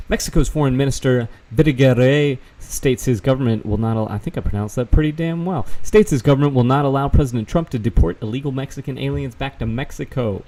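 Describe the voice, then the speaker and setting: A man at an ordinary middle pitch talks casually over news articles. He reads them aloud and breaks off into sarcastic, profane asides, with a loose, offhand manner. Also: fast talker, few pauses, warm tone. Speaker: vlogger fact-checking news. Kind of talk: casual screen-share commentary.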